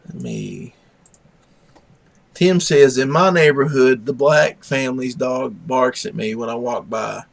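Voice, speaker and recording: A relaxed man drawls through casual chat with his stream viewers at an unhurried pace. His talk rambles and he pokes fun at himself. He sounds easygoing and unscripted on a streaming microphone. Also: creaky. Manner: laid-back, rambling, self-deprecating; coos at his dog in high baby talk. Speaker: livestream host.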